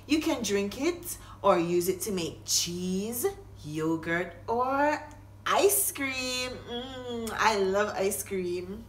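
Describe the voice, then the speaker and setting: A woman voicing a contented dairy cow in a storybook reading, speaking slowly and dreamily. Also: fairly high pitch, animated, distant mic. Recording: echoey room, faint noise.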